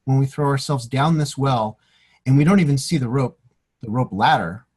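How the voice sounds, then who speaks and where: Husky guy musing thoughtfully in a casual chat. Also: mid-range voice, moderate pace, a little mellow. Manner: reflective, affirming, thoughtful. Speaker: co-host.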